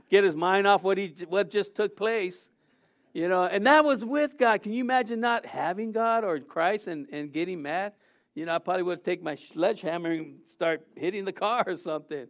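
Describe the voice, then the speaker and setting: A man's voice: high voice, brisk, a bit bright, lo-fi sound. A middle-aged man, a senior pastor, preaching a sermon in a conversational way, asking his listeners questions and often restarting his sentences. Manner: frequent restarts and self-corrections.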